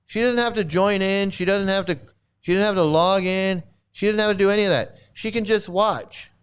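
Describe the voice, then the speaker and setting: A male streamer rants in a combative, mocking way, circling back over the same jabs again and again. His voice is high and smooth. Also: moderate pace. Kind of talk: ranting commentary.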